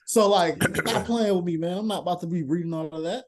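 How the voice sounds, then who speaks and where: A young man, a podcast guest, telling animated stories in casual chat and swearing often. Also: high voice, fast talker. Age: young adult.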